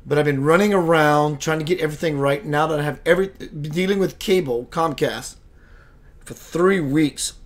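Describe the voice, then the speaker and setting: A man's voice: on the high side, normal speed. Chatty man hosting a spiritual livestream. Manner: chatty, playful, laughs often, greets viewers by name. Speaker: host of a spiritual web radio show. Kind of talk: casual livestream chat.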